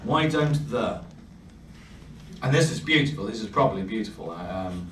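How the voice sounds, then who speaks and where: A man's voice: lowish voice, animated, moderate pace, fairly bright tone. A man in his thirties doing a rambling, self-deprecating stand-up set with lots of asides. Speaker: stand-up comedian. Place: comedy night in a bar, live audience laughing. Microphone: handheld stage mic, recorded from a distance. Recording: roomy, distant, noisy bar recording.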